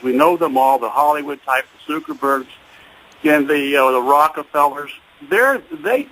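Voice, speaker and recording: A man's voice: fairly high pitch, pushed and bright, rough recording. A man calling in to a talk radio show, speaking hesitantly with many stops and restarts. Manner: hesitant, full of fillers and restarts. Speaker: caller.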